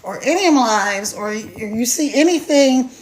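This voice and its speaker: A woman's voice: a little high, expressive, moderate pace. A woman hosting a casual phone live stream, chatty and repetitive, greeting viewers by name. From United States. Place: mountains of Virginia.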